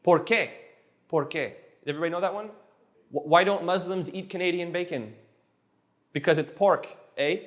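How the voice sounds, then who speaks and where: Playful, high-voiced man teaching a class. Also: normal speed, long pauses. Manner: playful, jokey, repeats words for drill. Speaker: Spanish teacher. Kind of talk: live classroom lesson.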